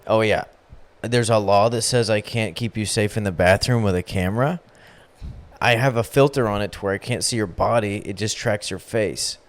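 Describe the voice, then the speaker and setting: A man in an improvised comedy bit, deadpan, stating absurd things matter-of-factly. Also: on the low side, normal speed. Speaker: podcast co-host.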